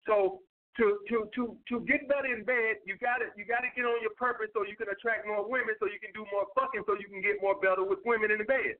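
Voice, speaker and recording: Brief: high-voiced male host, blunt and cussing, thin phone-like audio. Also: fairly even intonation, quick pace. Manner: blunt, profane, emphatic. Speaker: host answering viewer questions. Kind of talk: casual livestream advice talk. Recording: tinny phone-like sound.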